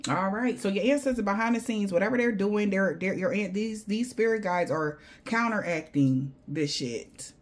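A woman's voice: medium pitch, normal speed, hardly any pauses. Blunt, foul-mouthed woman reading tarot cards. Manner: blunt and profane, loose slangy chatter. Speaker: tarot card reader. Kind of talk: casual spiritual tarot reading to viewers.

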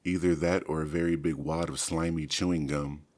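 A man's voice: rumbling low, fairly even intonation, moderate pace, a little mellow. A man voicing a wisecracking, skeptical teenage boy in an audiobook. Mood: wry.

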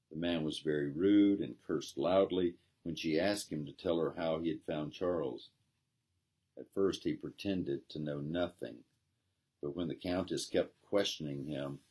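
A man, a pastor, gently reading a children's story aloud. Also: a bass voice, slightly rough. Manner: gentle storytelling, plainly voicing characters.

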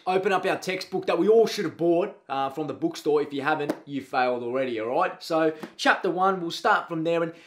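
A man's voice: on the high side, fairly quick, few pauses, a little hiss or hum, natural voice. A man playing a brash, blunt Australian PE teacher in his forties who calls everyone mate, in a comedy sketch. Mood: nosy.

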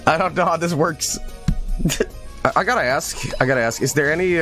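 A man streaming a game, joking and swearing with excitable commentary. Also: on the high side, a little fast, soft background music. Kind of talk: casual live-stream commentary.

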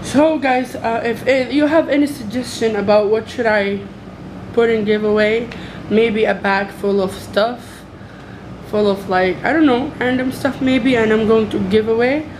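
A young woman talks to her viewers in a relaxed home vlog, stumbling through fillers and restarts. Her voice sits fairly high. The home recording carries a clear layer of background noise. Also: a little slow, low-quality recording. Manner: hesitant, many fillers and restarts. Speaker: vlogger. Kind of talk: casual vlog chat. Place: home bedroom with window open.

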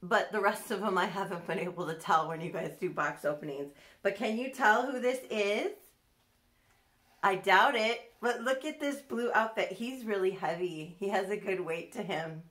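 A woman's voice: medium pitch, normal speed, fairly bright tone. A young adult woman chatting in a casual box-opening vlog, gushing and cooing over a new doll. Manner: gushing, coos and squeals. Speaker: vlogger.

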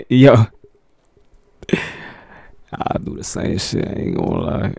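A man's voice: mid-range voice, huge pitch swings, slow, creaky, very noisy. A man hosting a casual reaction video, talking in a laid-back, slangy way and laughing often.

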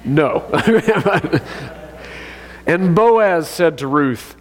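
Pastor, male, higher-pitched voice, lively joking sermon delivery, long hall reverb. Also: moderate pace. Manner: animated, joking, conversational.

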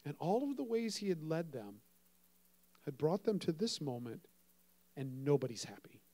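A man preaching a sermon, telling a story with dramatic swings between loud and soft and acting out the voices he quotes. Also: on the high side, sing-song, moderate pace. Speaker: pastor.

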